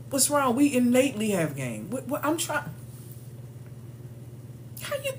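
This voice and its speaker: Woman coach talking straight to the crowd, slangy and emphatic, voice swings way up and down, low hum behind her. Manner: emphatic and slangy, calls listeners "y'all" and "baby". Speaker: leadership coach for women. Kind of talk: casual motivational training talk.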